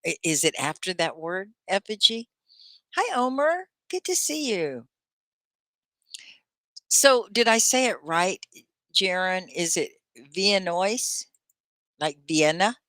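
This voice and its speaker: Speaking slowly and leaving long pauses, a woman with a lowish voice teaches a live English class online, recorded dry. She's from Texas and gushes animatedly while reading out her viewers' comments.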